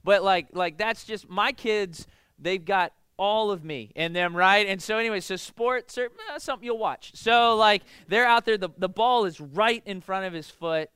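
Man, pastor, casual sermon, conversational with filler words, clear smooth voice, forceful tone. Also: high voice, normal speed, dry recording, clean studio sound. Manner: conversational, lots of "like" and "right?", rhetorical questions.

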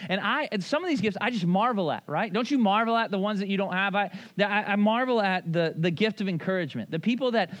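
Pastor, man, 30s, slightly high voice; conversational sermon delivery, lively, acts out quoted voices. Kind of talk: sermon with storytelling.

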